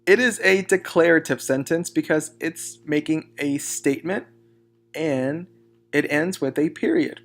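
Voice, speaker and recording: A man teaching a recorded grammar lesson, speaking slowly and clearly and reading example sentences aloud. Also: fairly high pitch.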